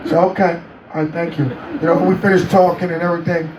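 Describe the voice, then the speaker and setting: High-voiced man telling stories, echoey and distant. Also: fast talker, background noise. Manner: lively, acts out other people's voices while telling stories. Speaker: interview guest. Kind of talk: animated storytelling. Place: on a cruise ship. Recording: echoey room, mic at a distance.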